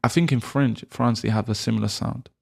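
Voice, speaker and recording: A man's voice: medium pitch, steady tone, brisk, creaky, a little mellow. A man giving a casual spoken lesson on Arabic letters, repeating throat sounds in an exaggerated way and correcting himself as he talks. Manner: self-correcting, chatty, laughs at himself. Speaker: Arabic teacher.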